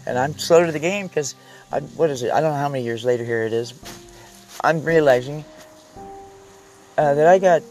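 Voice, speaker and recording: A man's voice: fairly high pitch, darkish tone, poor audio. A man rambling through a casual vlog from inside the vehicle he lives in, raw and heartfelt, often trailing off mid-thought. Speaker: vlogger.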